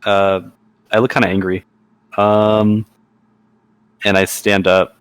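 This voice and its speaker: Player, man, low voice, blunt, dry close sound. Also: little pitch movement, takes it slowly, pauses often, clean tone, no echo. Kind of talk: playing a tabletop game.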